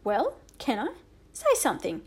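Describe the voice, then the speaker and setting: A woman voicing an excitable young boy who talks quickly and pleadingly, reading a storybook. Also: high-pitched, pitched above the performer's own voice. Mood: eager.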